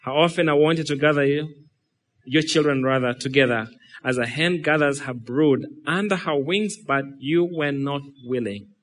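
A man with a somewhat high voice preaching with great feeling. He rises into loud, pressing rhetorical questions, then drops to quiet, drawn-out phrases, and slips into voices for the people he quotes. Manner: animated, swinging between loud rhetorical questions and hushed, slowed lines; acts out quotes and imagined dialogue in the middle of preaching. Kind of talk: sermon.

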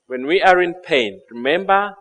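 A man preaching a sermon, reading scripture aloud and explaining it in an expressive way. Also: on the high side, moderate pace.

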